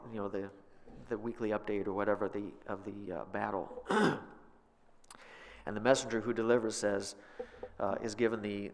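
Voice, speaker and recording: A man's voice: lowish voice, long reverb tail. A man teaching a Bible class, retelling scripture in a casual, conversational way, in a church.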